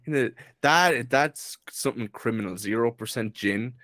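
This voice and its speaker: A man's voice: medium pitch, fairly bright tone, no room sound. A young man co-hosting a podcast, laid-back with dry humor. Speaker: podcast co-host. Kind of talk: casual chat.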